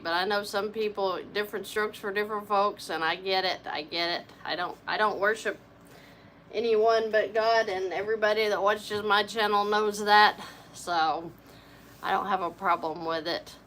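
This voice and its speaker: A woman's voice: medium pitch, unhurried, bright, forceful tone, slight background noise. A woman hosting a casual live Q&A, upbeat and effusive as she greets viewers by name and hometown. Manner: effusive and chatty. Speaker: livestream host reading viewer chat.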